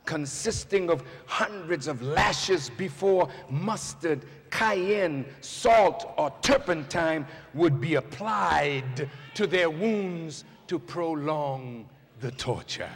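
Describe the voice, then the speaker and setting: A man, a minister, delivering a fiery sermon to a large crowd. He swings from shouting down to hushed storytelling. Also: a little high, lively intonation, takes it slowly, hardly any pauses. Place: large indoor arena. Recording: long reverb of a large arena.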